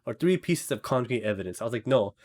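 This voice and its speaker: A man's voice: mid-range voice, expressive, fast, darkish tone. A young man in casual chat, telling a dream with lots of fillers and acted quotes. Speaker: storyteller.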